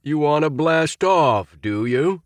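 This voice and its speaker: A man voicing a giant, gruff young male space cadet who bellows like a drill sergeant. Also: on the high side, very slow, no room sound, studio quality, pitched above the performer's own voice. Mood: bellowing.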